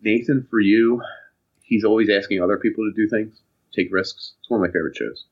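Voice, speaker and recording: A young man telling casual anecdotes on a podcast, animated and acting out the voices of people in his stories. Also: lowish voice, brisk. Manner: animated, acts out voices in anecdotes, laughs often. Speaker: podcast co-host. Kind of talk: casual storytelling chat. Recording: dull lo-fi podcast audio.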